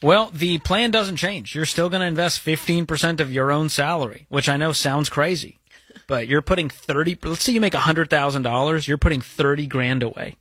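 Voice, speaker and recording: A man's voice: fairly high pitch, moderate pace, fairly bright tone, slightly rough, no echo. A man co-hosting a call-in money advice show, chatty and upbeat, with a folksy way of giving advice. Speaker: radio advice show co-host. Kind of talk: casual call-in advice chat.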